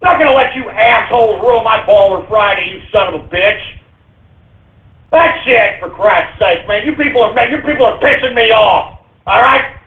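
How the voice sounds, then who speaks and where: Foul-mouthed male call-in host, husky and shouty, phone-quality audio. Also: sits high, normal speed. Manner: angry, profane ranting with sudden shouts. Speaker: radio show host. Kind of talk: call-in radio rant. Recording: phone-like narrow sound.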